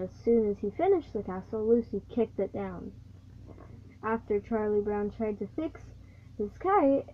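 A female reader reading a picture book aloud, halting and stumbling over words as she goes. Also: fairly high pitch, slight background noise. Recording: tinny phone-like recording.

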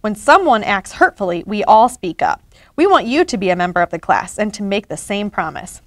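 A woman voicing an outspoken schoolgirl who speaks softly but firmly, while reading a storybook aloud. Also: medium pitch, lively intonation, fairly quick, dry recording, close to an everyday voice. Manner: soft but firm.

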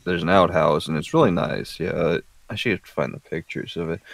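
Deep gravelly laid-back man. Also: a little fast. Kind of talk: casual let's play chat.

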